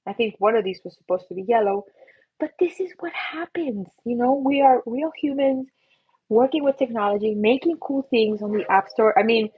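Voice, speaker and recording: A young woman hosting a casual live drawing stream, bubbly and excitable, chatting to viewers as she draws. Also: fairly high pitch, moderate pace, husky. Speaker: livestream doodling host. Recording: slightly muffled, faint music behind.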